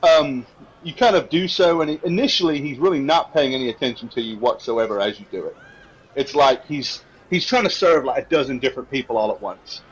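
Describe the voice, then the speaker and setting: Husky-voiced game master. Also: male voice, mid-range voice, brisk, dull audio. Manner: casual, rambling with fillers. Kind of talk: narrating a tabletop game.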